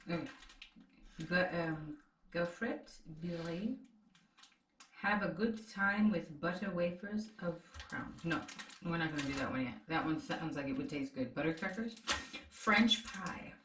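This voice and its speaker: A woman's voice: sits low, measured pace, echoey room, far from the mic, slight background noise. A woman co-hosting a snack tasting show, chatting casually with her partner and teasing him.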